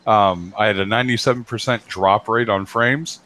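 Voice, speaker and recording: A man's voice: lowish voice, fairly even intonation, moderate pace, a bit bright, a little hiss or hum. A man hosting a live stream who chats casually, jokes and swears freely on a home computer mic. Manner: loose, jokey, swears freely. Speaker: stream host. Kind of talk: casual chat.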